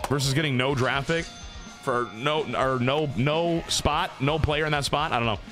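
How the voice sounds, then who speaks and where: A man's voice: mid-range voice, animated, fairly quick, a bit bright, soft background music. A young man streaming a baseball video game, cheering, groaning and swearing at each play while talking to his chat. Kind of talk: casual gameplay commentary to chat.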